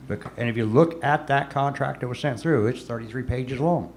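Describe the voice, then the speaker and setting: A man's voice: medium pitch, normal speed. A man serving as a city commissioner, pressing his points in a council meeting and often repeating words.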